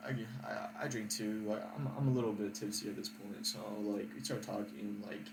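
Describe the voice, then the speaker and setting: Low-voiced young man rambling through a story. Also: fairly even intonation, a little fast, creaky. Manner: rambling, profane, filler-heavy "like". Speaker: vlogger. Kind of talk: casual storytelling. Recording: echoey room with background noise.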